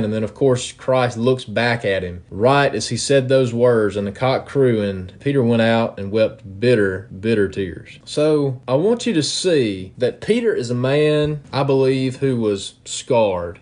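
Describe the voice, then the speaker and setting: A man delivers an emphatic sermon. His voice sits at an ordinary middle pitch, and he reads scripture aloud in old King James wording. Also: a little mellow. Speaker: preacher.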